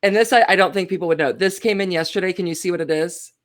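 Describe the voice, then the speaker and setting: A woman with a slightly low voice hosts a casual Bible study chat. She talks in a chatty way and teases with a playful edge. Her delivery is loose and conversational. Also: fast talker.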